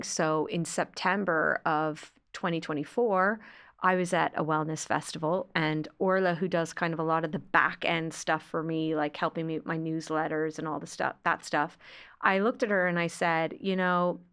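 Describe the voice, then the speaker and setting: A woman's voice: low voice, fairly even intonation, normal speed, a bit bright, clean tone. A woman hosting a podcast, talking in a chatty, agreeable, rambling way. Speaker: podcast host. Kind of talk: casual podcast conversation.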